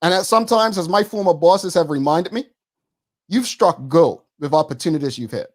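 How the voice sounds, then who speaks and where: A man, co-hosting a studio talk show and arguing his point quickly and emphatically, repeating words. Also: fairly high pitch, expressive. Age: 40s. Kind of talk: studio debate.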